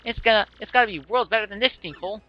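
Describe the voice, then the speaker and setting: A man's voice: sits high, racing, voice pushed up, lightly acted. A man playing a restless fed-up townsman. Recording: dull lo-fi with music.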